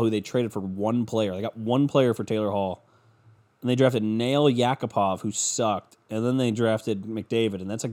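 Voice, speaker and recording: A man's voice: mid-range voice, darkish tone. A man hosting a solo podcast, ranting sarcastically and profanely with self-mockery into a microphone at home. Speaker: podcast host. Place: home basement. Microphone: studio microphone.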